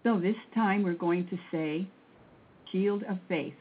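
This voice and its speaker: A woman leading a guided breathing and mantra prayer session in a slow, measured way, counting aloud. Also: fairly low pitch. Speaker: prayer and meditation leader. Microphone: phone line. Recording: tinny phone line with faint noise.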